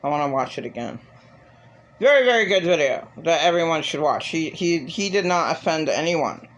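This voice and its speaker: A woman's voice: sits low, expressive, moderate pace. Lady ranting to camera, swears a lot, rambly and upset, talks off the cuff. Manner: rambling, profane, emotional venting. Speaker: vlogger. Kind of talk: casual monologue.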